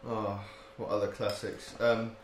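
Animated man, echoey room. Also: lowish voice, a little slow. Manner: animated, laughing, swearing banter. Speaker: podcast co-host; teacher. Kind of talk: casual chat. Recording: echoey room with faint hiss.

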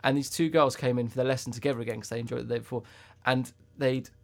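A man rattles through an anecdote at a quick clip, chatty and loose, dropping swear words as he goes. His voice sits in an ordinary middle register, and he sounds like a podcast co-host in relaxed conversation. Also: medium pitch, creaky. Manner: chatty storyteller who swears freely. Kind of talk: casual chat.

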